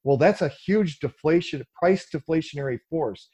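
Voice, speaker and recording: A man's voice: moderate pace, breathy edge. A man answering an interview question at length, explaining an idea in a conversational way with plenty of fillers and now and then mocking other views with a raised voice. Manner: animated, mocking quoted voices with a raised pitch, many fillers. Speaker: guest explaining economics.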